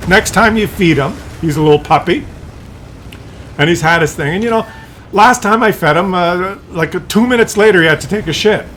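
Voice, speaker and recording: A man's voice: high-pitched, moderate pace, a bit bright, a little hiss or hum. A man ranting in a rambling, profane monologue, full of fillers and restarts. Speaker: streamer.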